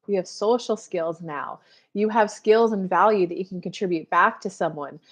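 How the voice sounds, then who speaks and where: A woman who works as a spiritual coach hosts a casual live show, chatting directly to her viewers with many fillers. Her voice is fairly low in pitch, at a moderate pace.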